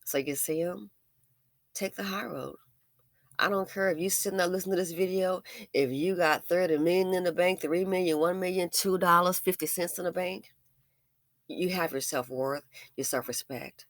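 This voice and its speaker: Woman vlogger, lower voice, emphatic and preachy, dry close sound. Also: normal speed, no room sound. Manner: emphatic, preachy, talks straight to viewers. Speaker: vlogger, business owner. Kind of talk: commentary vlog, advice to viewers.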